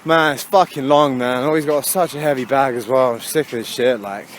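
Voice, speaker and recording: A young man vlogs while walking on busy town streets, chatting casually, swearing and laughing often. His mid-range voice is brisk, and faint street noise can be heard behind him.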